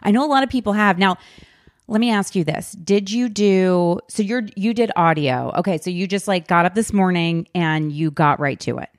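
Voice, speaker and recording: Chatty low-voiced woman podcast host. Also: moderate pace, no room sound, studio quality. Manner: chatty, animated, heavy use of "like". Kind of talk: casual podcast chat.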